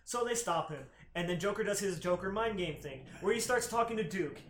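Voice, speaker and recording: A man's voice: sits high, lively intonation, brisk, a bit bright. A man hosting a podcast, casually retelling a comic plot in a rambling, profane way and acting out quotes. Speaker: podcast host. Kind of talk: casual chat recapping comics. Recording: roomy room with faint ambient noise.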